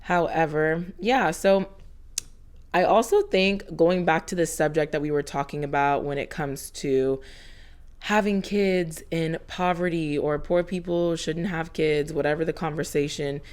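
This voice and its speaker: A woman's voice: low-pitched, unhurried, a little mellow. A woman in her thirties narrating a homemaking vlog in a chatty, earnest voiceover, slightly out of breath. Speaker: homemaking vlogger.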